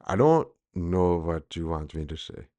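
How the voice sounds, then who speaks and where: A man's voice: low voice, sing-song, unhurried, dark tone. A man hosting a podcast, chatting and joking casually with a guest. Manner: joking, puts on mock voices. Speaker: podcast host.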